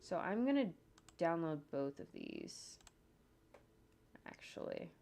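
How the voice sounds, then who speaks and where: A woman with a deep, gravelly, slightly mellow voice speaks slowly, her pitch swooping wildly. She is an animator casually narrating her work as she goes, thinking aloud, joking, and humming, against faint keyboard typing and clicks.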